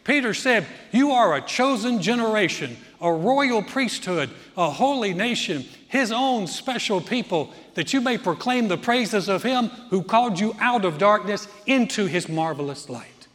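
Older man, pastor, emphatic sermon, storytelling with humor, fairly high voice, long hall reverb. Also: expressive, measured pace, hardly any pauses, fairly bright tone. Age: 60s. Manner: emphatic preacher, builds in rising lists, humorous storytelling asides.

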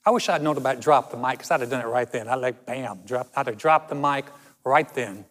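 A man preaching a sermon, telling stories in a conversational way and slowing down for emphasis. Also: mid-range voice, fairly bright tone. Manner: storytelling, conversational with dramatic slow emphasis. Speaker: pastor. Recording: long hall reverb.

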